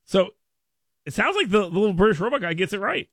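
A man's voice: sits high, very animated, quick pace, a bit bright, no room sound. A man hosting a talk radio show, chatting playfully and making mock proclamations, with frequent restarts, on a studio mic. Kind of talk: casual talk radio banter. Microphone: studio microphone.

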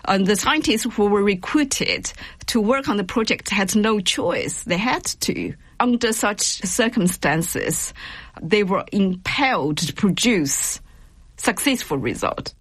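A woman expert speaking in a deliberate, emphatic way in an interview clip. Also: mid-range voice, lively intonation, fairly bright tone, no echo. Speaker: expert guest.

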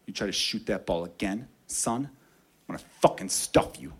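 A man doing a low, hushed menacing teen baller. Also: expressive, normal speed, slight background noise. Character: calm older teen boy turned menacing defender.

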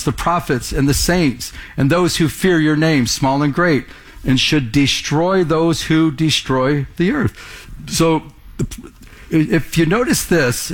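Guy preaching, kinda higher voice, chatty, keeps restarting and asking the crowd stuff. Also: a bit bright. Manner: conversational preaching, repeats words and restarts; asks the congregation questions. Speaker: pastor. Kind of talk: sermon.

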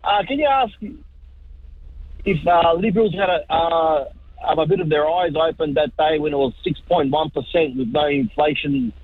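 A man with an Australian accent, a truck driver, calling in to a radio show, talking haltingly and joking. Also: a little high, big pitch swings, vocal fry, no room sound. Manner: halting, joking, many fillers. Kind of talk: phone-in call. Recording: tinny phone line.

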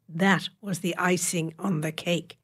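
Lowish woman narrating a story. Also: steady tone, measured pace, breathy edge. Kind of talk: audiobook narration.

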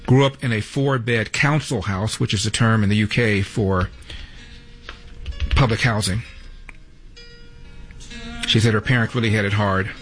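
Wry talk radio host, faint music. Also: male voice, fairly low pitch, fairly even intonation, a little slow, long pauses, fairly bright tone. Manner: wry, sarcastic asides. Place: radio studio. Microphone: studio microphone.

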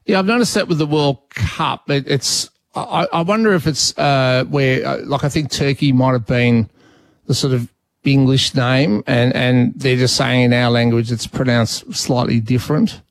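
A man's voice: mid-range voice, steady tone, normal speed, no room sound. An Australian man hosting a talkback radio show, chatting casually with callers and thinking aloud with frequent restarts. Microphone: studio mic.

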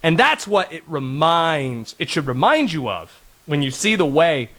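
A man's voice: a little high, big pitch swings, measured pace, fairly bright tone. A man in his thirties hosting casual sports talk radio, sarcastic and rambling.

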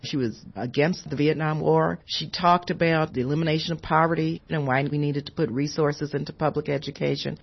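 Woman, older, interview recollection, earnest and reflective, husky, slightly muffled. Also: sits low, steady tone, fairly quick, few pauses. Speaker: member of Congress, interviewee.

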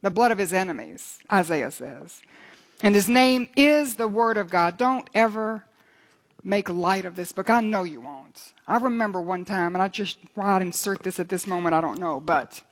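A woman's voice: mid-range voice, expressive, normal speed. Older woman, preacher, fervent sermon delivery, earnest. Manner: earnest, fervent, rises for scripture readings.

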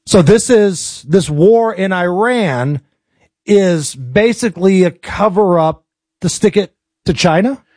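Blunt, high-voiced American talk host. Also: male voice, lively intonation, takes it slowly, a little mellow, dry recording, clean studio sound. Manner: blunt, opinionated, jokey. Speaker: show host. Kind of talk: casual political talk show chat.

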